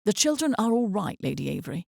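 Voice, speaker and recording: A man's voice: very high voice, very animated, normal speed, darkish tone, no room sound, clean studio sound, pitched above the performer's own voice, heavily acted. A woman reading the part of a young English earl in an audiobook, in a chiding, defensive manner.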